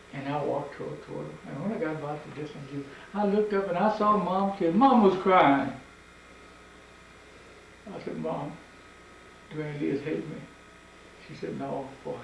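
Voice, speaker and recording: Old man, fervent preacher-like storyteller; high, gravelly voice, far off in an echoey room. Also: slight background noise. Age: older. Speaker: museum tour guide. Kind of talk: oral storytelling. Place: old house museum, indoors.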